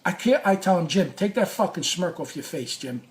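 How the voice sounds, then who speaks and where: A man telling a personal story in a casual, animated way, swearing often and acting out what he said. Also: high voice, normal speed. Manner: animated, profane, reenacts his own quotes. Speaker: former sports radio caller.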